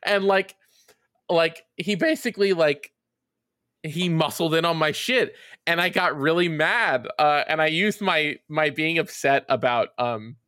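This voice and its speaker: A man's voice: on the high side, a little slow, pushed and bright, no echo, clean studio sound. A man co-hosting a podcast, telling a long rambling story full of fillers and casual swearing. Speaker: podcast co-host. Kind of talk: casual chat.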